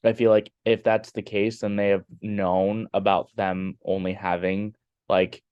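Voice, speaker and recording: A man's voice: on the low side, level tone, measured pace, a little mellow, clean tone, no room sound, highs cut off. A man co-hosting a casual TV review chat, hesitant and searching for words. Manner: hesitant, many fillers and restarts. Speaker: co-host of a TV review show.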